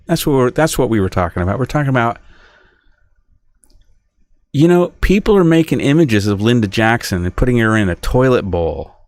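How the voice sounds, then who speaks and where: This solo podcast comes from a middle-aged man with a mid-range voice, recorded without room sound. His monologue rambles, breaks off and restarts repeatedly, and carries an aggrieved tone.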